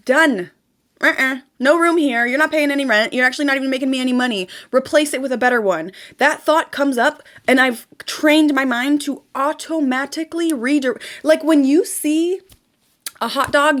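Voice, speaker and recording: A young woman in casual, emphatic motivational talk, repeating words and dropping to a soft whisper while guiding a ritual. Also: high-pitched. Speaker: spiritual vlogger.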